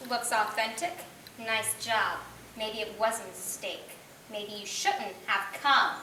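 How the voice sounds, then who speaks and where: A woman's voice: mid-range voice, fairly even intonation, slow, pushed and bright, slight background noise. A woman playing a wry, suspicious guest. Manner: dry, probing. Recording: echoey room, mic at a distance.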